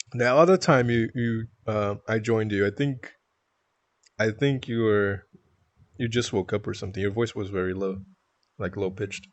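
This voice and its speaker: A man's voice: lowish voice, a little slow, long pauses, no echo, lo-fi sound. Chatty Canadian man, dry close sound. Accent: Canadian (Toronto). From Toronto, Canada. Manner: chatty, rambling, laughs often. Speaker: live streamer. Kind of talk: casual stream chat, reading chat aloud.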